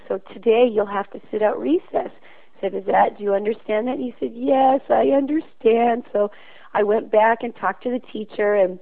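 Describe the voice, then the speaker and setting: A woman's voice: mid-range voice, gravelly. A school principal, a woman, calling in to tell a story in an earnest, conversational way. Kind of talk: phoned-in storytelling. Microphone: phone. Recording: tinny phone line.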